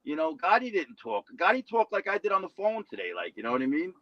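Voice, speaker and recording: Brief: man, guest on a stream, rambling and repetitive, bright forceful tone, dull lo-fi audio. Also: sits high, very animated, fast talker, no echo. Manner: rambling, repeats "you know what I mean". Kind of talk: casual livestream chat.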